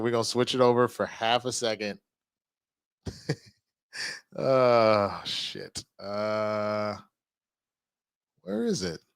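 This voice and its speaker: A man streaming live, chatting casually with his viewers, reading their messages and reacting loudly to clips. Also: lowish voice, dry recording. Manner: animated, reacts loudly to clips and reads chat.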